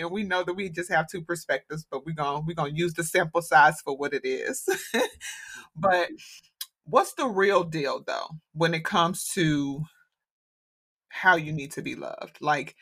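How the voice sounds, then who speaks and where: A woman's voice: lowish voice, fairly bright tone, husky. Woman hosting a casual podcast. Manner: conversational, frequent affirmations. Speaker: podcast host. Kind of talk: casual chat, leading discussion.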